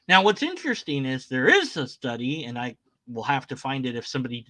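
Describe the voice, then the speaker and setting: A man's voice: medium pitch, very animated, a little fast, bright, forceful tone. A man giving casual, sarcastic commentary on a video, often exclaiming in disbelief.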